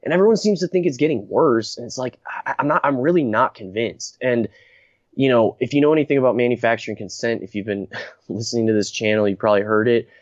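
A man's voice: medium pitch, quick pace, no room sound. Rambling young man, dry dull recording. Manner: rambling and blunt, with frequent laughs and restarts. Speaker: podcast host. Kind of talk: casual podcast chat.

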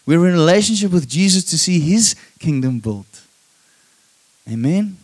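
A man preaching a sermon, emphatic and calling for amens, moving between loud stressed lines and soft hushed passages. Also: high voice, expressive, a little slow. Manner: emphatic, calls for "Amen?" from the congregation.

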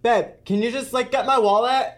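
A man's voice: very high voice, steady tone, normal speed, fairly bright tone, pitched above the performer's own voice. A man playing a hesitant, fumbling male caller with a put-on accent during a prank phone call, stalling with ums and restarts. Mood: flustered.

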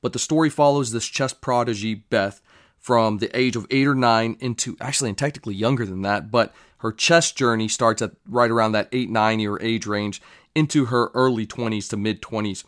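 A man's voice: fairly low pitch, moderate pace, no room sound, clean studio sound. A young man reviewing a series in a loose, rambling way, with swearing asides. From United States. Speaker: show reviewer. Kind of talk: casual show review.

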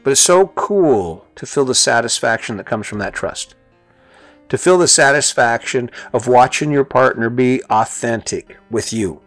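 A man's voice: mid-range voice, normal speed, no echo, soft background music. A middle-aged man giving a motivational talk as host, earnest and conversational, repeating phrases for emphasis.

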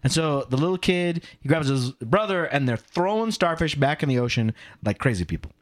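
A man's voice: on the high side, brisk. A middle-aged man co-hosting a podcast, telling stories and ranting with emphasis. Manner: animated storyteller, emphatic and ranting. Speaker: podcast co-host. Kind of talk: casual podcast chat.

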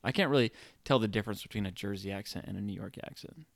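Low-ish guy co-hosting, rambly and joking, super dry mic. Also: quick pace, creaky, dry recording. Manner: rambling, playful, many fillers. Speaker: podcast co-host. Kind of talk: casual movie chat.

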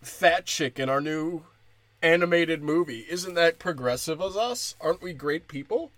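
Young male stand-up, crude ranting delivery, slightly high voice, dry sound. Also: normal speed, fairly bright tone, no room sound. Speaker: stand-up comedian. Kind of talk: stand-up comedy rant.

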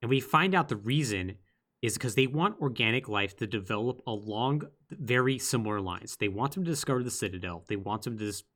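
A man co-hosting a podcast, telling a game's story in casual, lively chat with quick asides. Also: mid-range voice. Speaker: podcast co-host. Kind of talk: casual chat recapping a video game.

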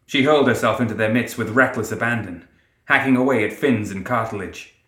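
A man narrating a dark fantasy story in a steady, dramatic way. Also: medium pitch, a little fast, roomy sound. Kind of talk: scripted narration.

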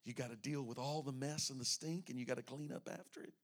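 A male pastor preaching an evening sermon, moving from hushed, intimate lines to shouted peaks. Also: medium pitch, fairly even intonation, fast.

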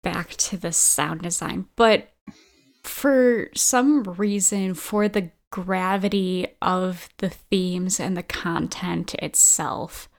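A woman's voice: fairly low pitch, slow pace, creaky. A woman in a casual game discussion, talking hesitantly with many fillers. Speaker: podcast panelist.

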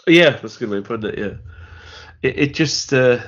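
A man co-hosts a casual film podcast, rambling through his thoughts with lots of restarts and laughs as he talks. His voice is a little husky and sits at a middling pitch. The audio is dull and lo-fi, like a remote call. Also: lively intonation, a little fast, a bit bright. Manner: rambling, repeats words, laughs while talking. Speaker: podcast co-host.

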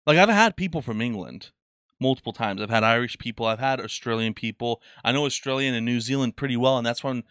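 A man's voice: medium pitch, fast talker, fairly bright tone, clean tone, dry recording, clean studio sound. A man co-hosting a podcast in casual chat, rambling and swearing with lots of filler words. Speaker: podcast co-host.

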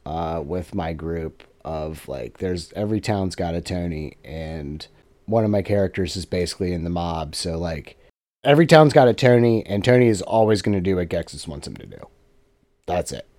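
A man co-hosting a podcast about running tabletop games, explaining his habits in a casual, animated, rambling way. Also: low voice, moderate pace, no room sound. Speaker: podcast co-host, game master.

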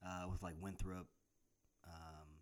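A man's voice: low voice, flat delivery, slow. A young man from Knoxville, chatting casually and rambling with lots of fillers. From Knoxville, Tennessee. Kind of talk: casual chat.

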